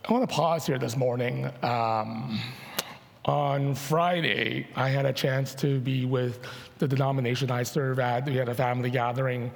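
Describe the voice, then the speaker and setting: Gravelly-voiced pastor in a reverberant hall. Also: male voice, mid-range voice, fairly even intonation. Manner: halting, many fillers and restarts. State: partly lost voice from allergies. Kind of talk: sermon and spoken prayer. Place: church sanctuary.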